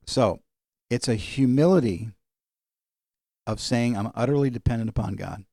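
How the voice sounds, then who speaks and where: A man teaching a sermon in a conversational way, slowing down when he quotes scripture. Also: mid-range voice, vocal fry, a little mellow, no room sound, studio quality. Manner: conversational, varies pace for emphasis, slows on scripture. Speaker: pastor.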